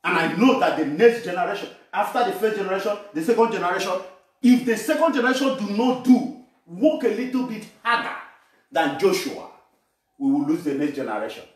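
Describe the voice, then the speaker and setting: Animated Nigerian preacher in an echoey room. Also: male voice, high voice, a little fast, recorded from a distance. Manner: animated, shouting and laughing at the congregation. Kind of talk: sermon.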